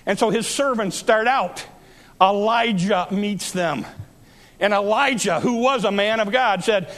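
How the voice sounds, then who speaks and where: A man's voice: sits high, normal speed, fairly bright tone. A man preaching a sermon, telling a Bible story and acting out its speakers with rising emphasis.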